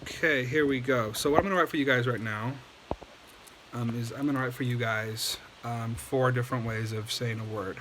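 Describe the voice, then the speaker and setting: A man's voice: medium pitch, steady tone, normal speed, noisy background. A man giving a casual language lesson at home at night, patiently explaining and checking in with okay after each point. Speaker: Chinese language teacher.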